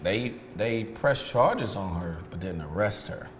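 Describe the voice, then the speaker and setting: Man, very low voice, candid interview storytelling, long reverb, faint ambience. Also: a little slow, a little hiss or hum. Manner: frank, reflective, retells events with lively quoted dialogue. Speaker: interview guest, detailing business owner.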